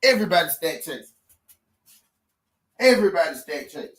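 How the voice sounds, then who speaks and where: A man's voice: a little high, big pitch swings, moderate pace, fairly bright tone. A man from Memphis, hosting casual sports talk in a profane, argumentative, repetitive way. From Memphis, Tennessee.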